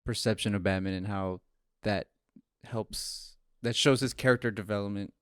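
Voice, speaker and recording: Male podcast co-host, casual reviewer, energetic filler-heavy delivery, dead dry sound. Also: lowish voice, normal speed, smooth, dry recording. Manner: animated, many "like"s, acts out quotes. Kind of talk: casual movie review chat.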